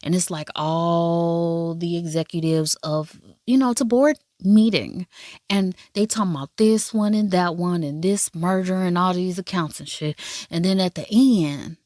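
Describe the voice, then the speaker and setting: A woman giving a casual, profane and animated recap of a drama, with asides in a high voice. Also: a little slow, no echo, studio quality. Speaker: drama reviewer.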